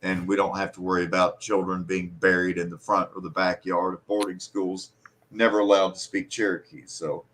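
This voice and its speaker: A man in casual conversation, rambling and animated, who slips into playful regional accents. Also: deep voice, poor audio.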